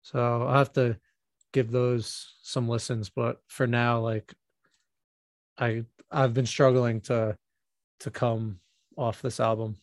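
A man's voice: mid-range voice, flat delivery, takes it slowly, long pauses, no echo, studio quality. A man co-hosting a music podcast, chatting casually and rambling with many fillers and restarts. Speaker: podcast co-host.

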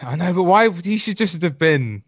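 A man's voice: high-pitched, expressive, normal speed, husky. A man chatting casually about films with friends on a podcast, laid-back and swearing freely. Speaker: podcast co-host. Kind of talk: casual film chat.

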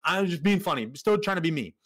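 Animated swearing man telling a story. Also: sits high, quick pace. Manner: animated, swears often, acts out quotes. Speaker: podcast co-host. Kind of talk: casual storytelling chat.

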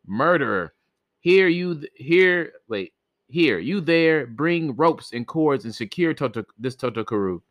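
A man's voice: on the high side, animated, unhurried, dry recording, pitched above the performer's own voice. A man reading as a stern grieving father. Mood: accusing. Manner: stern, accusing.

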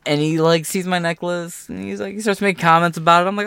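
A man hosting his own podcast, telling a story casually and getting loud and animated when he quotes people. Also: a little high, fast, hardly any pauses, clean tone, no room sound. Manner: animated storytelling, swearing, voice rising when quoting. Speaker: podcast host.

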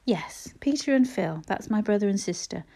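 A woman's voice: medium pitch, expressive, normal speed, mellow. A woman voicing a kindly, brave young girl. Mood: gentle, reassuring. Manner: earnest, kindly, reassuring.

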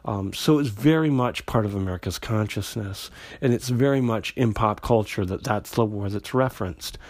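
A comic book podcast host with a low, darkish voice recaps an old issue at a normal speed, with no echo. He's conversational and rambling, using many fillers and restarts and loosely paraphrasing the characters.

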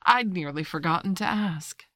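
A woman voicing a sly, grinning Cheshire cat in a slow, drawling storybook voice. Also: fairly low pitch, animated, a bit bright, dry recording, studio quality.

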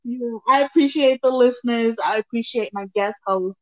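Woman podcast host, kinda high voice, supportive, lots of mm-hmms, slightly muffled lo-fi sound. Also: a little fast. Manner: warmly affirming, frequent encouraging interjections. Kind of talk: casual podcast conversation. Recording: dull lo-fi sound.

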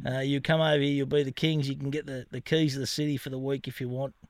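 An Australian man hosting a sports radio show, joking and bantering loudly with guests. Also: medium pitch, level tone, fast talker, a little hiss or hum. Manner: boisterous, jokey banter. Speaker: radio host. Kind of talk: casual sports radio chat.

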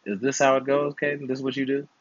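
A man's voice: mid-range voice, monotone, quick pace, highs cut off, crowd noise. A man in his twenties, an uncle hosting a channel, chatting casually and playfully with slangy, teasing advice. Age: 20s. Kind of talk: casual chat while gaming.

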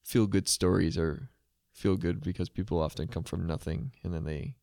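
Deep, gravelly young man musing. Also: moderate pace, dark tone, no room sound, clean studio sound. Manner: thoughtful, hesitant, searching for words. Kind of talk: casual conversational chat.

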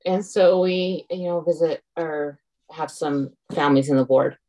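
A woman's voice: low voice, unhurried, mellow, low-quality recording. A middle-aged woman telling a frank, exasperated personal story to a group. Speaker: group member sharing. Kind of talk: casual personal sharing.

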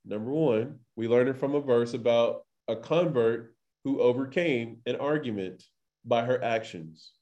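A man's voice: medium pitch, unhurried, dark tone, highs cut off. A man teaching a scripture passage in a loose, chatty way, full of filler words and acted-out quotes. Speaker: Torah teacher. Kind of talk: casual scripture study talk.

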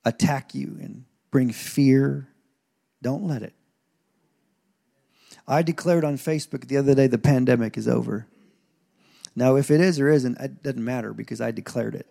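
A man who is a pastor, preaching a sermon in an animated way with asides and rising intensity. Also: medium pitch, measured pace, creaky, pauses often. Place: church stage.

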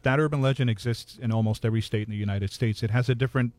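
A man telling local ghost stories in a relaxed, measured way, matter-of-fact about the details. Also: medium pitch. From Hawaii. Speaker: ghost storyteller guest. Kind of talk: casual ghost storytelling.

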